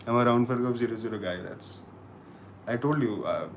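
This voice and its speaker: A man's voice: mid-range voice, a little fast, a little hiss or hum. A man from Kashmir hosting a casual live stream, reading comments and thanking viewers with lots of restarts. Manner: chatty, repeats words and restarts, thanks viewers. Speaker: livestream host.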